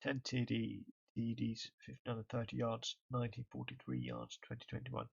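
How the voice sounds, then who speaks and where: A man's voice: medium pitch, sing-song, moderate pace, creaky, slightly rough, dull audio. Tired man streaming a game. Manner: tired, talks through stats to himself. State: tired, yawning. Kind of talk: casual let's-play commentary.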